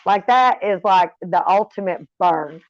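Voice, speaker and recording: A middle-aged woman talks to her vlog viewers at a measured pace, her voice on the low side. She rambles casually, veers into tangents, and swears freely. The recording is dry and a little dull.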